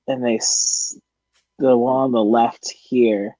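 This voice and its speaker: A man's voice: mid-range voice, steady tone, slow pace, warm tone, dry recording. A young man narrating as dungeon master, hesitant and full of fillers. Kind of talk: narrating a tabletop game. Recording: dull lo-fi audio.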